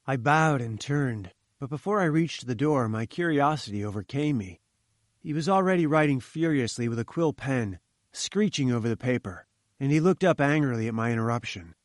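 Male audiobook narrator, measured and earnest, dry close sound. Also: mid-range voice, animated, dry recording. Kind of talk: scripted narration of a classic novel.

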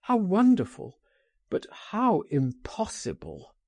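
A man's voice: fairly high pitch, wildly swooping pitch, slow, warm tone, husky, dry recording, heavily acted. A man voicing a despairing, anguished man. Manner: pleading, despairing. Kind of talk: audiobook narration.

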